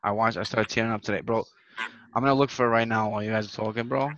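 A man's voice: fairly low pitch, steady tone, racing, a bit bright, dry recording, lo-fi sound. A man co-hosting a podcast, chatting animatedly, repeating words and swearing often. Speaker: podcast co-host. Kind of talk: casual chat.

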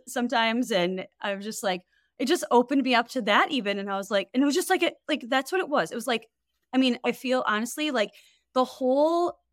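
A woman, a wellness coach, telling a story in casual podcast chat, animated and full of fillers. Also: on the high side, no echo, studio quality. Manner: animated, lots of fillers and quoted voices.

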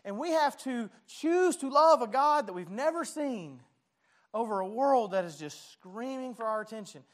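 A man's voice: extremely high pitch, expressive, normal speed. A man preaching a sermon as pastor, conversational and self-deprecating, often stumbling and restarting his words.

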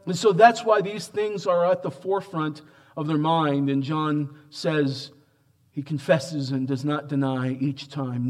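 A man preaching a sermon, asking rhetorical questions and swinging between hushed, slow lines and loud, emphatic peaks. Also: on the high side, steady tone. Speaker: pastor.

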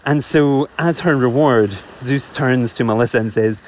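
A man telling a myth in a relaxed, chatty way, full of ums and asides. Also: mid-range voice, moderate pace, few pauses, a little hiss or hum. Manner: chatty, digressive, laughs often, many fillers. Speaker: storyteller. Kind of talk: casual oral storytelling.

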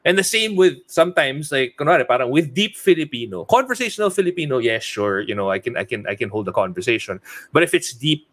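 A man in his thirties in casual podcast chat, switching between English and Tagalog, laughing often and tossing in quick asides. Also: medium pitch, sing-song, a bit bright. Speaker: podcast co-host.

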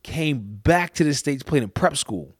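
A man's voice: a little high, expressive, measured pace, husky, no echo, studio quality. A man co-hosting a casual talk show, rambling in profane slang. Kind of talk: casual chat.

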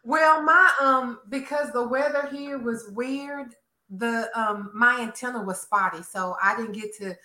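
A woman co-hosting a soap opera chat, explaining things in a chatty, relaxed way. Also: on the high side, unhurried. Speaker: soap opera podcast co-host. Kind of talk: casual chat. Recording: echoey room.

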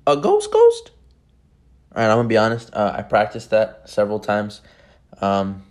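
A man's voice: on the low side, a little mellow. A man hosting his own podcast, talking casually and rambling with lots of fillers. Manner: rambling, chatty, many fillers. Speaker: podcast host.

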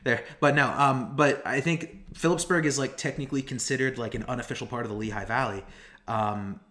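A man's voice: medium pitch, steady tone, a little fast, a bit bright. A young man from Pennsylvania co-hosting a casual podcast chat, rambling with many restarts. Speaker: podcast co-host.

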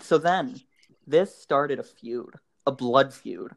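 A man's voice: mid-range voice, slow pace, creaky. A young man in casual chat, telling a rambling story with many restarts and frequent laughs.

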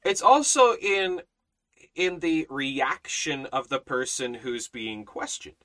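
A man's voice: medium pitch, animated, takes it slowly, pushed and bright, rough recording. A man teaching a Bible study in a sermon style, emphatic, repeating phrases and restarting often.

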